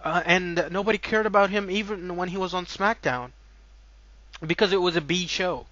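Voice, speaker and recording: A man with a fairly high-pitched voice delivers an argumentative rant, stumbling and repeating words as he presses his points. The recording is dull and lo-fi, in a dead, dry space. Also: normal speed, pushed and bright, dry recording. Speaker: wrestling commentator. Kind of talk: opinion rant to camera.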